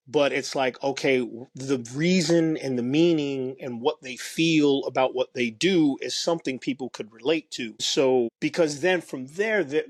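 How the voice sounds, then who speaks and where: Guy rambling thru a podcast chat, lots of you know and restarts, dry close sound, mid pitch. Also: no room sound. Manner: rambling, many restarts and fillers. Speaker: guest documentary filmmaker. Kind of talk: casual podcast conversation.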